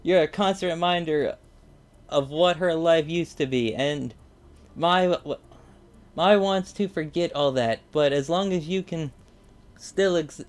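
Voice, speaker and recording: A man's voice: on the high side, voice pushed up, natural voice. A man reading out the lines of a cocky young male biker duelist, without any real accent. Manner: reading game dialogue aloud, slightly raised.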